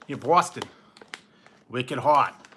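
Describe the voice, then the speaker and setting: A man voicing a brash, joking Boston man who hypes up spicy chips in loud, drawn-out catchphrases. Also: medium pitch, slight background noise.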